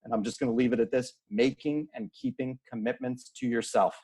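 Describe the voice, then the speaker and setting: Earnest man with halting speech. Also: mid-range voice, wildly swooping pitch, vocal fry, darkish tone, husky. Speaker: guest. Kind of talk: casual interview conversation.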